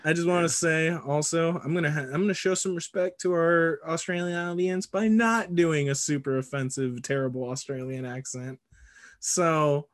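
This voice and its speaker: A man co-hosting a casual movie podcast, recapping scenes in a lively, joking way with frequent laughs and casual swearing. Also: fairly high pitch, moderate pace. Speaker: podcast co-host.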